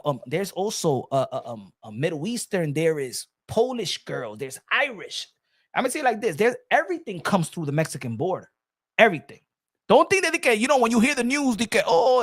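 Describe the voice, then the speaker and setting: A man hosting his own boxing channel, telling stories in a rambling, animated casual chat full of restarts. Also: sits high.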